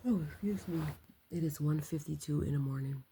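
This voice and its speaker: A woman talking in a casual late-night vlog, keeping her voice low and soft, reflective and full of ums and likes. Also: a little fast, slight background noise. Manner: speaking softly and low to keep quiet. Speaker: vlogger.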